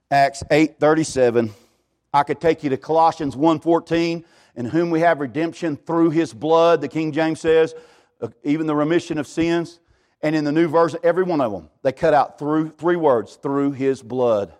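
A male pastor, preaching a sermon in a folksy, animated way and often calling out to the congregation. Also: a little high. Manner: folksy, animated preaching with repeated "hey, listen to me".

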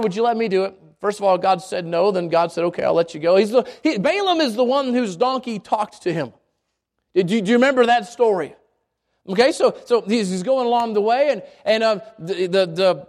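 A man preaching a folksy, animated sermon, often restarting his phrases as he tells Bible stories. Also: high-pitched. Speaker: pastor.

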